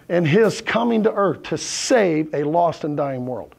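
Guy preaching in church, kinda high voice with a gravelly edge, keeps asking the crowd right? okay?. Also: expressive, measured pace, few pauses. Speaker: pastor. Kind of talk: conversational sermon. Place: church sanctuary with congregation.

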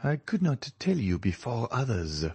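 A man's voice: medium pitch, sing-song, normal speed, a little mellow, husky, no echo. A man reading an audiobook and voicing a boastful middle-aged banker with a self-satisfied, wheedling manner. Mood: confiding.

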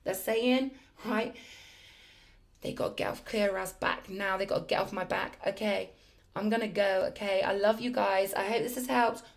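Speaking at a normal speed with a gravelly, mid-pitched voice, a woman leads her viewers through a spiritual tarot reading. Her intonation stays fairly even, yet she's effusive and emphatic, chatting away and pressing every point home as a tarot reader.

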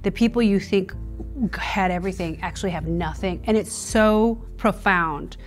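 A woman's voice: mid-range voice, moderate pace, soft background music. Reflective woman guest chatting. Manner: reflective, drops to a breathy whisper for emphasis. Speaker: guest comedian. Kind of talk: casual interview chat.

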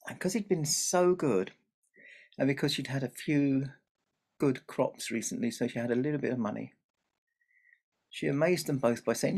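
Male family storyteller, chatty, gravelly. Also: mid-range voice, normal speed, pauses often, a little mellow. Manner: chatty, asides to the audience.

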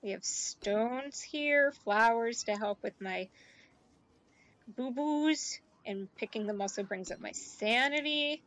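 High-voiced woman narrating her gameplay. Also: slow pace. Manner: chatty, talks to game characters, gushes excitedly. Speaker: gaming YouTuber. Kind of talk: let's play commentary.

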